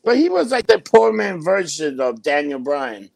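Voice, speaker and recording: High, gravelly man gossiping casually. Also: big pitch swings, normal speed, darkish tone. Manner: profane, gossipy, laughs often. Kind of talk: casual chat.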